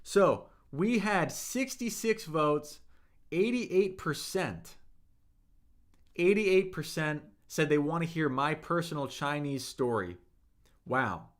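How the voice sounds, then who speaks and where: A man's voice: fairly high pitch, lively intonation, slow pace. Hyped-up young man teaching Mandarin. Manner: enthusiastic, hyped-up coaching talk. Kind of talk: livestream lesson, reading chat.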